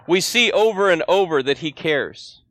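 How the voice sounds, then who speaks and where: A man's voice: fairly high pitch, lively intonation, moderate pace, a bit bright, dry recording. A man in his forties, a guest pastor preaching a sermon, telling a story earnestly and asking the congregation rhetorical questions.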